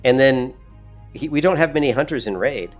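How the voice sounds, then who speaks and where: A man's voice: mid-range voice, expressive, moderate pace, faint music behind. Rambling, profane middle-aged man streaming games. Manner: rambling, profane, laughs at his own stories. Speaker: gaming streamer. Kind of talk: casual chat while streaming gameplay.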